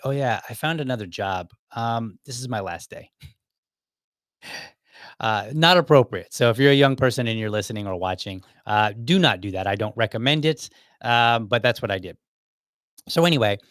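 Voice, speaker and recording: A podcast host with a medium-pitched, fairly bright voice casually tells a personal story from work, acting out bits of dialogue and chuckling often. The recording is dry and studio quality.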